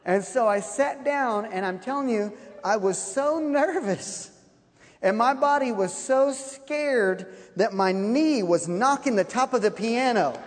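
A man preaching a sermon, telling a personal story with animated, laughing delivery. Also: very high-pitched, measured pace. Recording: long hall reverb.

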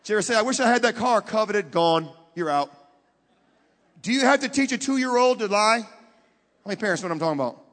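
Dramatic high-voiced preacher in a reverberant hall. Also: male voice, lively intonation, fairly quick, long pauses. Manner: dramatic storytelling, swings from hushed to loud; talks directly to the audience with questions. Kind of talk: sermon.

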